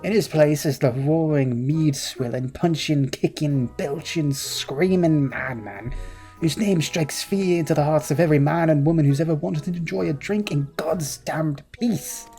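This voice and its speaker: A gamer putting on a gruff foul-mouthed tavern keeper. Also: mid-range voice, a little slow, dark tone, faint music behind, natural voice. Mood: blustering. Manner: blustering, insulting, drawling, put-on pirate-like accent. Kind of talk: voice-acted game dialogue reading.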